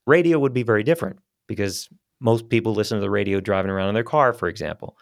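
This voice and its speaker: Low-voiced man talking shop. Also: fast talker, gravelly, no echo, studio quality. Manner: relaxed, rambling, chatty. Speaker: voice actor guest. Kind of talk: casual interview chat. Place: small studio. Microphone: studio microphone.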